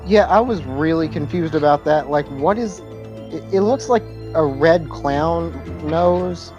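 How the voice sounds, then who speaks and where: A fairly high-voiced man talks in stop-start, puzzled questions during casual podcast banter about a film. His voice comes through slightly dull and lo-fi, with faint music behind it. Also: unhurried, darkish tone. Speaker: podcast co-host. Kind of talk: casual movie-recap chat.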